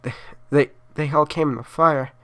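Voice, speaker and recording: A man voicing a terrified mother in hiding, pleading in a high, strained, sobbing voice. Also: fairly even intonation, moderate pace, pushed and bright. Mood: panicked.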